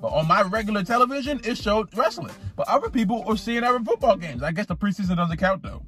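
A man vlogging as a sports fan in a casual rant, animated, repeating and stumbling over his words. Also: high-pitched, fast talker, faint music behind. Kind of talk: casual ranting vlog.

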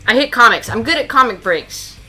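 A woman hosting a live trading card break, reading out each pull in a steady rundown and gasping and squealing over the good ones. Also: a little high, fairly quick, soft background music. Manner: reads out names in a steady rundown. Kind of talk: live stream commentary.

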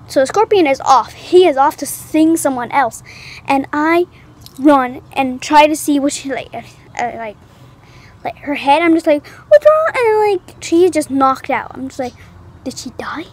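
High-voiced young woman telling a dramatic story. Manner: animated, dramatic retelling with gasps and acted-out quotes. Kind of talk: casual storytime. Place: at home, indoors.

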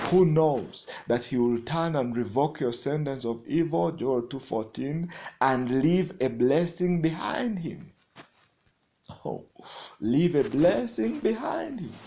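A man preaching a sermon, swinging between loud declarations and quiet, chuckling asides. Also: medium pitch.

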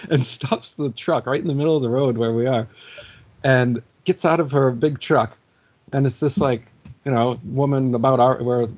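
Husky forties man, mid-pitch, animated storyteller who laughs through his anecdotes. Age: 40s. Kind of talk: casual conversation, storytelling.

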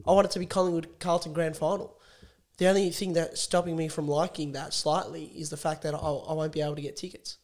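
Higher-voiced man steering the chat. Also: little pitch movement, fast, hardly any pauses, a little mellow. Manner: keeps the show moving, playful. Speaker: podcast host. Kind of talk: casual banter.

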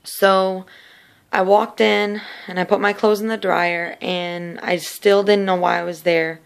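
A woman's voice: medium pitch, little pitch movement, creaky, clean tone. A woman sharing a personal faith testimony in an earnest, casual storytelling way, often repeating words. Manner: earnest, repetitive, slow in places.

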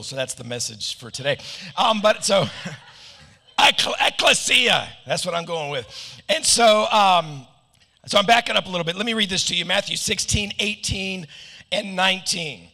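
Middle-aged american man, pastor preaching, playful joking asides, high gravelly voice, long hall reverb. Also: bright, forceful tone. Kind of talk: sermon.

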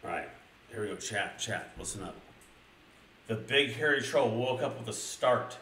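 A young man streaming a crude comedic storybook reading, excitably addressing his chat. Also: fairly low pitch, normal speed, far from the mic. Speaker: streamer reading a children's book. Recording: roomy, a little off-mic, faint noise.

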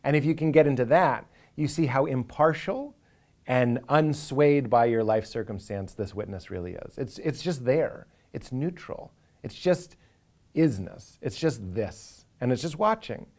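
A man's voice: mid-range voice, lively intonation, a little slow, darkish tone. A man, a comedian talking earnestly and with animation in a reflective interview, now and then acting out inner voices for a laugh.

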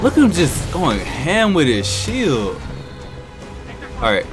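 Excitable man reacting to gameplay over music. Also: fairly high pitch, slow. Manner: excitable, trash-talking, reacting loudly to the action. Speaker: gaming YouTuber. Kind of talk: live gameplay commentary. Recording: game music playing behind.

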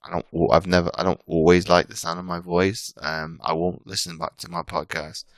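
A very low-pitched British man in his thirties, chatting casually as a podcast guest. He rambles and keeps restarting his sentences. The sound is dry and close, with no room echo. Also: flat delivery, a little fast. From Britain. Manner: rambling, frequent restarts and self-corrections. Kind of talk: casual interview chat.

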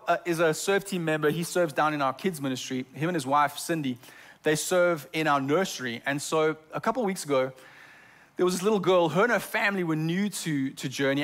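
A man's voice: on the high side, a bit bright. A man preaching a sermon as pastor in a church, often stumbling over repeated words as he talks. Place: church sanctuary.

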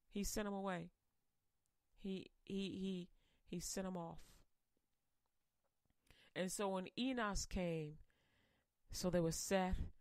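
Woman preaching on the radio, slow and deliberate, gets loud then drops quiet, dry close sound. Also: medium pitch, clear, resonant tone, dry recording. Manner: impassioned, swinging between loud emphasis and quiet asides. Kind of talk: sermon.

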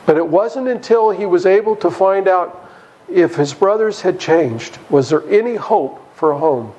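High-voiced man preaching emphatically. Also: lively intonation, measured pace, darkish tone, muffled recording. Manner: emphatic, chuckles while preaching. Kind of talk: sermon Bible study. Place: church.

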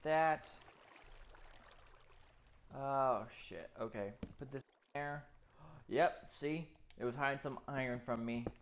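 A let's play gamer giving live gameplay commentary, excitable and swearing constantly while exploring. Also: mid-range voice, slow, pauses often, slight background noise.

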